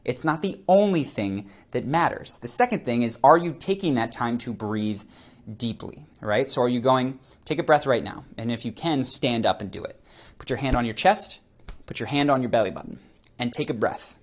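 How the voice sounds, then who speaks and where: Fast-talking man coaching voice and charisma. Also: medium pitch. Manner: animated and conversational, demonstrating voice techniques; self-described fast speaker. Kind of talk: instructional talk to camera.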